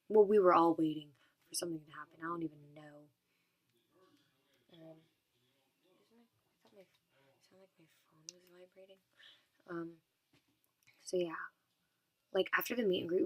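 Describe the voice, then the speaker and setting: Rambling young woman vlogger. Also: lowish voice. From California. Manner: rambling, many fillers and "and then". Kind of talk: casual storytelling vlog.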